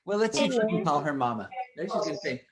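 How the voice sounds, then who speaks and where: A man's voice: on the high side, sing-song, quick pace. Playful man leading a kids' music lesson. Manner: playful, coaxing, call-and-response with children. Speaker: children's music educator. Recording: children chattering in the background. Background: children's voices.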